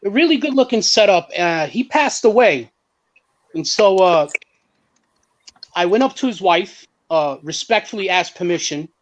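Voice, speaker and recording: A man telling a story on a casual car podcast as a guest, swearing freely and acting out what others said. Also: slight background noise. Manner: animated, swears freely, acts out quotes in a higher voice.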